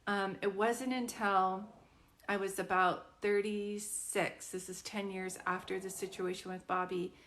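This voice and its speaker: A woman's voice: medium pitch, little pitch movement, unhurried, a bit bright, slight background noise. A woman in her fifties, a psychic medium, telling a personal story in a chatty, earnest way with frequent fillers and restarts. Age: 50s.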